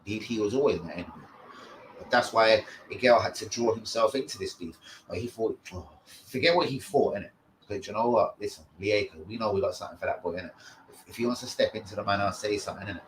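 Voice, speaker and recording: A man's voice: fairly low pitch, quick pace, low-quality recording. A man hosting a live stream, trash-talking in a brash, profane way. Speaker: host of a fan channel. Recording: faint background noise.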